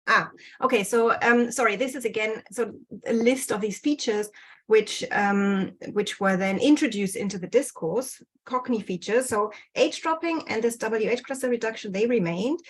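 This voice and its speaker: A woman presenting research in an online lecture over a video call, pausing often with ums and correcting herself. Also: fairly high pitch, slight background noise. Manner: hesitant, many ums and self-corrections. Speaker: guest speaker presenting research.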